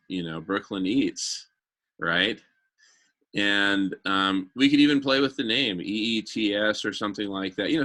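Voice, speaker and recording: Brief: a man with a low, bright-edged voice, thinking aloud in a group meeting, eager and loose. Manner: rambling, enthusiastic, many fillers. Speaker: community meeting participant.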